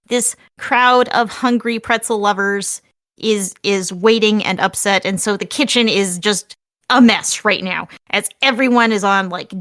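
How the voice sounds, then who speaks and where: A woman's voice: a little high, a bit bright, no room sound, clean studio sound. A woman running a tabletop game as game master, laying out options step by step in an upbeat way.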